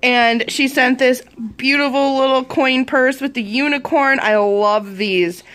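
A woman's voice: sits high, steady tone, a little slow, fairly bright tone, clean tone. A woman from Wisconsin in her thirties, chatting in a giggly, gushing way as she shows off mail in a vlog. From Wisconsin, United States. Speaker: vlogger showing mail. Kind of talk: casual show-and-tell vlog.

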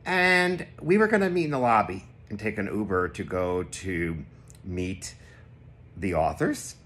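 A man casually telling a personal anecdote to the camera, animated and jumping into high voices when he quotes people. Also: measured pace. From Connecticut. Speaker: vlogger telling a personal story.

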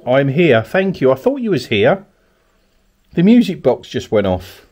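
A man, from Kent, talks his way through a ghost hunt inside an abandoned cottage at night. He coaxes unseen spirits with polite questions and pleases. His pitch swings widely from high to low. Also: sing-song, unhurried, a little mellow, soft background music. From Kent, England. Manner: coaxing, calls out politely to spirits. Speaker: paranormal investigator. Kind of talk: ghost-hunting narration.

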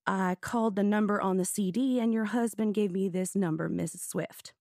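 A polite male executive on a phone call, as a woman narrator puts him on, a touch lower than her narration. The recording is dry and close. It plays as an audiobook scene. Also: fairly even intonation, normal speed, a little mellow, no room sound, lightly acted.

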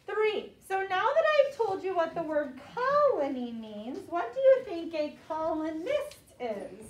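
A woman teaching second graders, saying words slowly and clearly for the class to repeat. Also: very high voice, very animated. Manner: slow, clear call-and-response teaching. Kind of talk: classroom vocabulary lesson. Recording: echoey classroom mic from far off.

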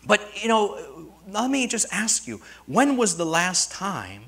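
A middle-aged man preaching a sermon as pastor, telling stories in a rambling way and swinging from soft asides to loud, rising peaks. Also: high voice, big pitch swings, takes it slowly, creaky, hardly any pauses, husky. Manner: storytelling, digressive, swings from quiet to loud; jokes with congregation.

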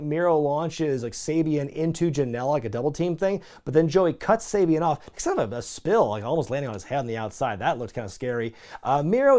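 With a darkish, higher-leaning voice, this man chats his way through a recap of weekly wrestling programs. He's opinionated and filler-heavy, peppering his talk with "like" and "you know," and he asks viewers to weigh in with predictions.

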